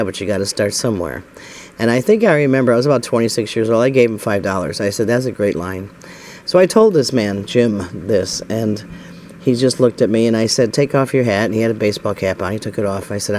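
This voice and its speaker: A man's voice: lowish voice, a little mellow, slight background noise. A middle-aged man from the United States tells a personal story in a rambling, casual way, voicing the dialogue with lots of "I said" and "he says".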